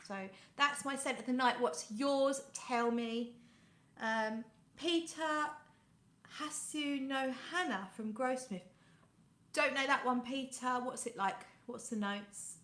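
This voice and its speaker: British woman, live-stream host, chatty and warm with viewers, fairly high voice, echoey home room. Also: slow pace. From United Kingdom. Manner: chatty, reads out viewer comments and greets them by name; coos softly when talking to her cat. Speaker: fragrance livestream host. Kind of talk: casual live-stream chat.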